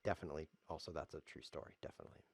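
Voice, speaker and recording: A man's voice: rumbling low, rapid-fire, husky, no room sound. A man casually commenting on his own chess game on a live stream, joking, teasing himself and wandering off on playful tangents. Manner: jokey, self-mocking, playful tangents.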